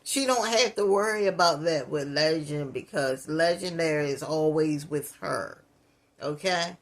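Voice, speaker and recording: A man's voice: fairly high pitch, measured pace. Mocking man hosting a reaction show. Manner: mocking, laughs at the clip, addresses viewers as y'all. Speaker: reaction channel host. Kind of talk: reaction commentary.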